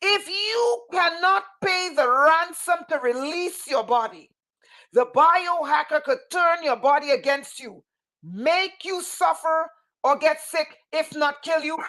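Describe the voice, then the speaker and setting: A woman speaking on a livestream as a spiritual teacher, fervent and emphatic, repeating phrases and at times raising her voice to a shout. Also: sits high, lively intonation, slow pace. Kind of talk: impassioned livestream talk.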